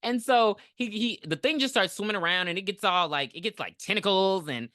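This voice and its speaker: A man co-hosting a podcast, chatting casually about a movie in a laughing, profane, expressive way. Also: high voice, brisk, dry recording, studio quality. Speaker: podcast co-host. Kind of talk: casual movie review chat.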